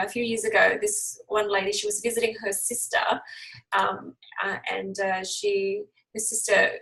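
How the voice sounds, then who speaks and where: A woman with a gravelly, fry-edged voice tells a long personal story straight to camera. She rambles, with plenty of fillers and restarts. She jumps into lively voices for the people she quotes. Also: medium pitch, poor audio. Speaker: natural health practitioner.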